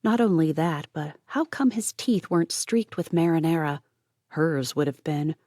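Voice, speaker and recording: Low-voiced woman narrating an audiobook. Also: normal speed, mellow, no echo, clean studio sound. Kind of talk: scripted narration.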